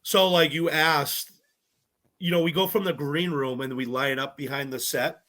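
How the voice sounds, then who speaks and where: A young man, a guest on a podcast, telling stories in casual chat, animated and often acting out what others said. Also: fairly high pitch, moderate pace. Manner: animated, acts out quotes of others, laughs often. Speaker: podcast guest, cooking show contestant.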